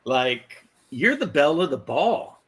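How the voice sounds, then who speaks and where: A man's voice: on the high side, big pitch swings, a little slow, fairly bright tone, husky. A man from the United States in casual podcast banter, teasing his co-hosts and laughing often.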